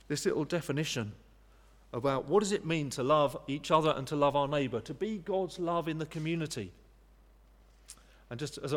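Man preaching in a reverberant church. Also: fairly high pitch. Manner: earnest, conversational, with frequent restarts. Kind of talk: sermon.

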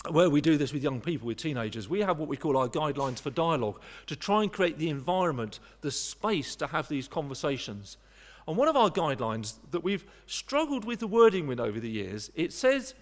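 A man's voice: fairly high pitch, long reverb tail. A man preaching a sermon in an earnest, conversational way, with frequent restarts. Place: church.

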